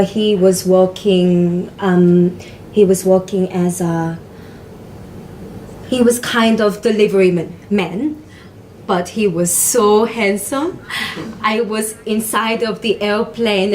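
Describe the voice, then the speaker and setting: A woman's voice: medium pitch, a little mellow, a little hiss or hum, natural voice, low-quality recording. An actress playing a young woman newly arrived, speaking hesitantly with many ums on a small live stage. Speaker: stage actor in verbatim theatre.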